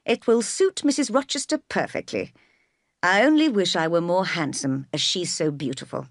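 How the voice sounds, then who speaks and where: A brisk, teasing middle-aged gentleman talks with wry warmth, as a woman reads him in an audiobook. The voice stays low-pitched and close to the mic. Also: expressive, no echo.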